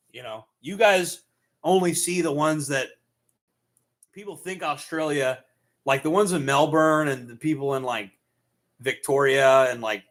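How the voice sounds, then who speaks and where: Sex: man. Role: host. Style: casual monologue. Pitch: mid-range. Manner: rambling, restarting often. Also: a bit bright. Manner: rambling, many fillers and restarts, laughs at own jokes.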